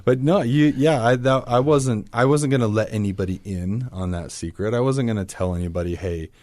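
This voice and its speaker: A man's voice: mid-range voice, brisk, darkish tone, dry recording. A man as a podcast guest, telling his personal story in an earnest, reflective way.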